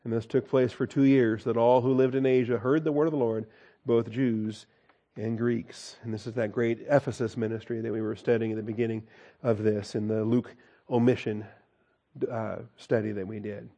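A man's voice: medium pitch, level tone, moderate pace, warm tone, dull audio. A man teaching a Bible study in a folksy, conversational way, reading scripture aloud and breaking off to comment with a chuckle.

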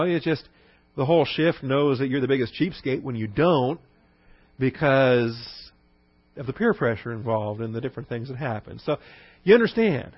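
A middle-aged man teaches a Bible class in a loose, conversational way, stopping often to check that his listeners follow. His voice sits at an ordinary pitch, and the recording is dry and a little dull. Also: no room sound. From Texas. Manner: explains Greek terms with frequent fillers and check-ins.

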